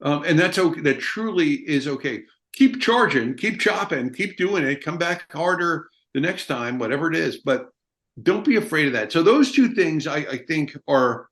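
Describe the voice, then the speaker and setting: A man's voice: on the high side, lively intonation, moderate pace, fairly bright tone. A middle-aged American man, an army veteran guest in an interview, talking in a blunt, emphatic way and swearing freely. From United States. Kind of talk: casual interview talk.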